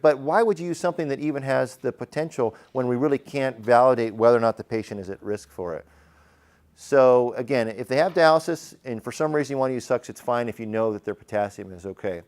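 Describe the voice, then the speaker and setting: A man's voice: medium pitch, a little mellow. A man teaching a class on emergency medicine, lecturing in a conversational way, asking the room questions and using frequent fillers.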